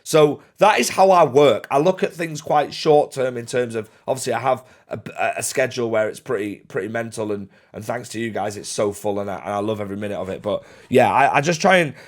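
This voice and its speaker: A man's voice: medium pitch, animated, brisk, hardly any pauses. A young man, chatting casually as he answers fan questions in a laddish, slangy way. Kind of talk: casual Q&A to camera.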